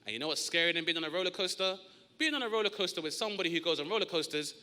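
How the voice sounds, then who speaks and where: A stand-up comic works a theatre stage, his voice bright and lively, jumping high into squealing put-on yelps as he acts out his stories. The sound carries the long reverb of a large hall. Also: very fast. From South East London. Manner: animated storytelling with loud high-pitched put-on yelps. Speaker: stand-up comedian. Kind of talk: stand-up comedy set.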